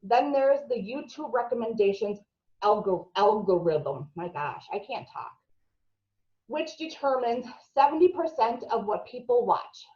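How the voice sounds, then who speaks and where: A woman's voice: on the high side, sing-song, measured pace, warm tone, dull audio. A woman giving a marketing training session to a live group, chatty and asking the room questions, sometimes stumbling over her words.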